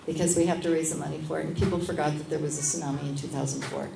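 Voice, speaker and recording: A middle-aged woman, a midwife being interviewed, tells a story in a casual, animated way and acts out other people's lines. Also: deep voice, rapid-fire, creaky. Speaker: guest, midwife. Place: event space at a lunch gathering. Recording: echoey room with background noise.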